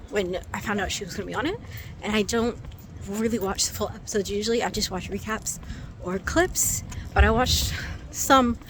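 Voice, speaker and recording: Against a noisy background, a woman with a mid-range voice hosts a casual vlog, talking to camera. She chats with viewers in a rambling, friendly way, calling them "y'all" and "guys."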